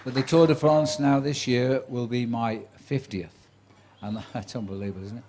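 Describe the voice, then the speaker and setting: With a noisy background behind him, a man in his seventies recounts his years as a sports commentator to a live audience. His medium-pitched voice moves at a moderate pace with fairly even intonation, and he plays the chatty storyteller, voicing the people he quotes with dry wit.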